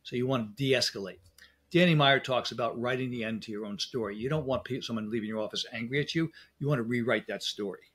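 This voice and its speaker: A man's voice: medium pitch, quick pace, fairly bright tone. A middle-aged man, a dental specialist, chatting as an interview guest and telling stories with acted-out exchanges. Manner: anecdotal, speaks in quoted exchanges. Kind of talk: casual interview talk.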